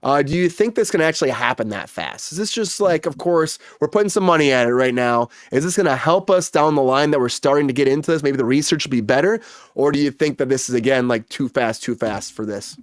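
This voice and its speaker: A fast-talking man hosts a casual panel over a video call, chatty and easygoing. His voice is dry and close, with no room around it. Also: a little high, no room sound. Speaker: host.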